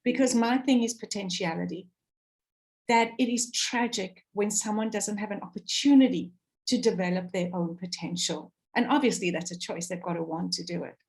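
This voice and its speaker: Her voice is medium-pitched and a little mellow, at a moderate pace. On a video call, this South African woman passionately recounts a heartfelt story to her audience, her intonation rising and falling as she acts out quotes.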